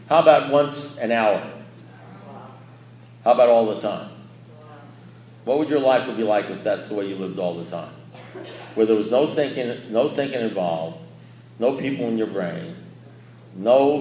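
A man's voice: mid-range voice, slight background noise. A man giving an unprepared talk at a recovery meeting, rambling and conversational with blunt, darkly joking asides. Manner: rambling and conversational, many "you know"s. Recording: echoey room.

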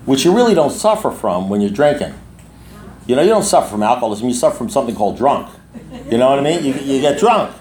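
Speaking to a recovery group, a sixty-something man tells a long, rambling personal story, restarting often and wandering into asides. His mid-range voice has a darkish tone, and the recording sounds roomy.

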